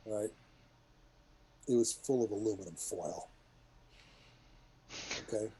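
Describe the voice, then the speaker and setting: A middle-aged man, a retired military pilot, telling rambling war stories to a group in a casual, animated way. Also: fairly low pitch, slow, husky, rough recording. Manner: rambling, animated, many restarts and asides.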